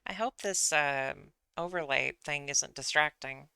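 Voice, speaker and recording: Woman streamer, casual and self-deprecating; low, crisp, bright voice with some fry. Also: a little slow, no room sound. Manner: rambling, self-deprecating, apologetic. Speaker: livestreamer. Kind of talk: casual rambling stream chat.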